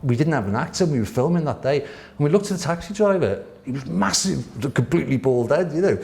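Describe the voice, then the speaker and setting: A man, a guest telling lively, laughing stories with the odd swear word in a casual interview. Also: on the high side, quick pace, gravelly. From Wirral, England. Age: 60s. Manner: animated, laughing, swearing raconteur. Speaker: guest artist. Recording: roomy echo.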